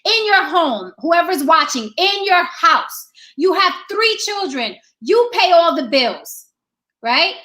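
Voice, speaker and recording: Woman host, high bright voice, fired up and swearing, keeps hitting rhetorical questions. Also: very animated, slow pace. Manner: emphatic and profane, hammering rhetorical questions. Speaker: podcast host. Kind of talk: opinionated discussion.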